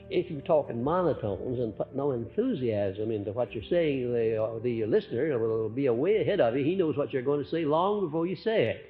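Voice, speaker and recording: A man giving an earnest, folksy lecture to a live audience, letting his voice rise and drop on purpose and often pausing on "uh". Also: a little high. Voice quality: frequent "uh" hesitations. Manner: folksy, earnest, swings between loud and soft on purpose. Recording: muffled archival recording, faint music.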